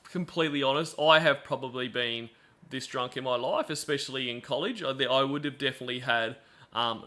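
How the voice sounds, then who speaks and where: A man's voice: medium pitch, bright, forceful tone. A man hosts a stream and comments on played calls in a sarcastic, chatty way with many fillers. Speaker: stream host.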